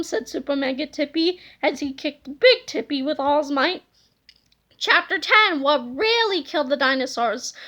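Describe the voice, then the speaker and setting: Bright-voiced woman reading a storybook. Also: high voice, moderate pace. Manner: lively, expressive storytelling. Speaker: reader. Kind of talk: reading a children's book aloud.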